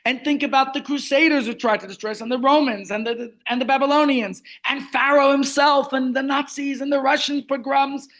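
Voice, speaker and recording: Man teaching a lively Torah class. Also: very high voice, a little fast, few pauses. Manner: storytelling, rhetorical questions, animated. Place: online meeting. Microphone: video call.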